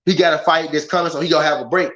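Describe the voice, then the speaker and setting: A man with a Southern American accent hosting a casual boxing livestream, talking to his chat in an animated, repetitive way. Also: on the high side, racing. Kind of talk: casual live commentary. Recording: slightly dull lo-fi stream audio.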